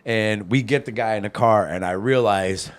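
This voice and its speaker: A man's voice: fairly low pitch, moderate pace. A man hosting a podcast, telling a story in casual chat, laughing often and swearing freely. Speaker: podcast host.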